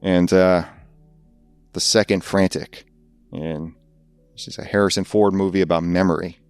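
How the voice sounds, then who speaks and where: A man's voice: sits low, fairly even intonation, moderate pace, smooth, no room sound, faint music behind. A man hosting a podcast, rambling through a comedic monologue and laughing at his own jokes. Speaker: podcast host.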